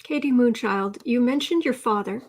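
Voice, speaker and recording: A woman's voice: on the high side, normal speed, darkish tone. A woman hosting a political tarot and astrology livestream, talking in a rambling, casual way with many fillers and restarts.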